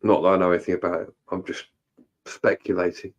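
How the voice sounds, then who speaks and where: A man's voice: low-pitched, little pitch movement, fast, highs cut off. A man co-hosting a livestream in casual chat, jokey and rambling, swearing freely as he gives advice. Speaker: livestream co-host.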